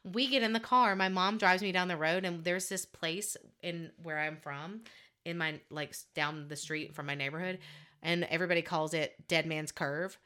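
A young woman trading stories on a casual podcast. Her voice sits a little low but has a bright, forward edge. She talks animatedly, laughs often and acts out what people said. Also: moderate pace, clear, resonant tone. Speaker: podcast co-host. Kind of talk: casual storytelling chat.

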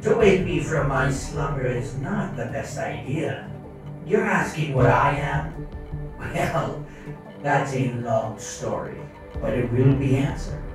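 Ominous ancient male being, put on by a man, slow storyteller, distant and echoey with music behind. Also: medium pitch, natural voice. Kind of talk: dramatic intro narration.

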